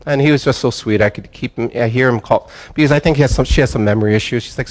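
An older man, a pastor giving a sermon in a relaxed, conversational storytelling way with frequent restarts. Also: medium pitch, fast.

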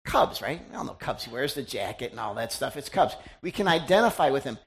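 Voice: medium pitch, very animated, brisk. Middle-aged preacher, chatty and teasing, voice swings up and down a lot, keeps asking the crowd stuff. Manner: chatty, teasing, quizzes the congregation. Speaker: pastor. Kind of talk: conversational sermon.

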